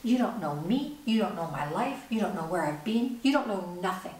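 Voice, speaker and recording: A woman's voice: mid-range voice, lively intonation, normal speed, a little mellow, close to an everyday voice. A woman voicing a hostile, swearing young woman who lives on the street, in an echoey room. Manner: curt, swearing, defensive. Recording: echoey room, distant mic, faint hiss.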